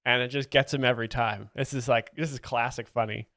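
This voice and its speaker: A man's voice: medium pitch, steady tone, fairly quick, pushed and bright, no room sound. A man hosting a livestream, chatting and laughing as he explains a comedy clip, on a close mic. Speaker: host reacting to a comedy clip. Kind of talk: livestream commentary.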